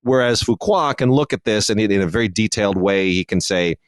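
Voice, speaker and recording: A man's voice: lowish voice, brisk, no echo, studio quality. A man co-hosting a podcast about film releases, talking in a thoughtful, digressive way with many restarts and fillers. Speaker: podcast co-host reviewing home video releases. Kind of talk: casual podcast discussion.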